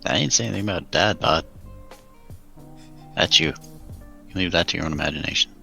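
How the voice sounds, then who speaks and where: A deep-voiced young man in his late teens, streaming and chatting casually while drawing, animated and jumping to a high squeak when excited. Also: fairly quick, creaky. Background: chill music.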